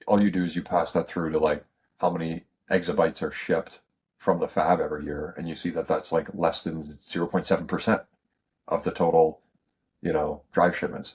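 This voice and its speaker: A man's voice: a bass voice, darkish tone, a little hiss or hum. A man co-hosting a casual podcast chat, explaining points in a wry tone. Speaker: podcast co-host.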